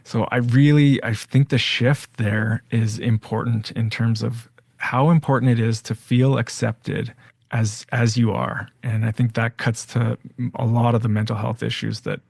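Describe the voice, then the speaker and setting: Male podcast co-host, psychologist, gravelly voice, dry close recording, thoughtful explainer. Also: mid-range voice, level tone, measured pace, darkish tone, dry recording. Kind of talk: casual conversation.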